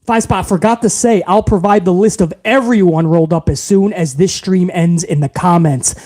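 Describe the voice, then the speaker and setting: Man hosting a wrestling livestream, high voice, hyped, profane, rambling. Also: normal speed, darkish tone. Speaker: host.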